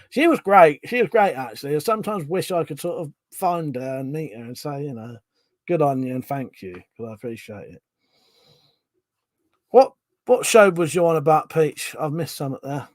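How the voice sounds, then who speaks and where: Guy on his stream, sweary, laughs a lot, lively up and down voice, dry close mic. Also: mid-range voice, dry recording. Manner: swears freely, laughs often. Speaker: livestream host. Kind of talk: casual livestream chat reading comments.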